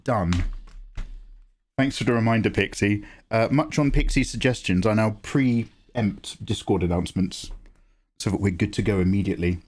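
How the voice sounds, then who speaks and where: A man's voice: lowish voice, moderate pace, breathy edge. A man hosting a drawing livestream, chatting casually with viewers, joking and swearing freely. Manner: animated, swears freely, jokes with chat. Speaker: livestream host. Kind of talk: casual chat while drawing.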